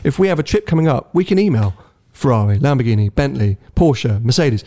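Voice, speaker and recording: A man's voice: medium pitch, expressive, a little fast, mellow. A man co-hosting a podcast, talking casually and rambling a little, with frequent restarts. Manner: chatty, rambling, stammers on restarts. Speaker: podcast co-host. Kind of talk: casual car podcast chat.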